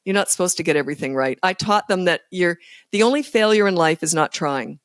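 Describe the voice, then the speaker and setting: A woman's voice: fairly low pitch, lively intonation, brisk, no room sound, clean studio sound. A woman in her sixties, a parenting guest on a podcast, talking in a candid, self-deprecating way and laughing often. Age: 60s. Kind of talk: casual podcast interview.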